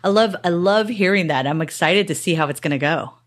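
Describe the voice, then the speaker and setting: Woman podcast host, low voice, casual, chatty interviewer. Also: fairly quick. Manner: chatty, swears casually, acts out quotes.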